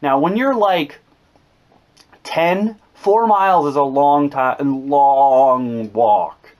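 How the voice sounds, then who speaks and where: A young man telling funny stories about his family in a casual, animated monologue, often stumbling and restarting. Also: on the high side, slow pace, dull audio. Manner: animated, jokey, with repeated restarts. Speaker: vlogger.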